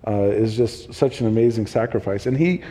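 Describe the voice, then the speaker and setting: A man's voice: on the low side, brisk, dark tone. A man leading a casual Bible study, thinking aloud with plenty of ums and restarts. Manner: thinks aloud, loose, with many fillers. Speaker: Bible teacher. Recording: long hall reverb.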